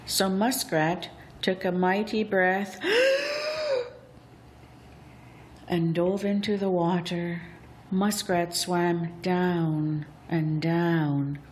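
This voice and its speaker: A woman narrates a traditional tale at an unhurried pace, drawing out each moment. Her delivery is deliberate and expressive. Faint noise hums in the background. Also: fairly low pitch. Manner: slow, deliberate, expressive storytelling. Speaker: storyteller. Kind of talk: storybook narration.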